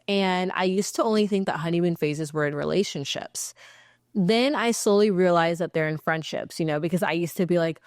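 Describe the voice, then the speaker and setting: A young woman from Texas chats on a podcast, retelling a story with lively, expressive delivery. She jumps up in pitch to act out what people said and swears without a second thought. Her voice sits at a middling pitch and comes through a close, dry mic with no room sound. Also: dry recording. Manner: animated, swears freely, acts out quotes with big pitch jumps. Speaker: podcast co-host. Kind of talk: casual storytelling chat.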